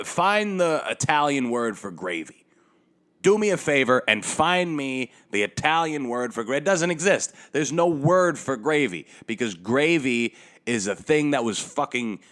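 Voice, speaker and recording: Low-voiced guy ranting on his podcast, swears a ton, heated and loud then quiet. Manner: profane, heated ranting with swings in loudness. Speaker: podcast host. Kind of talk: solo podcast rant.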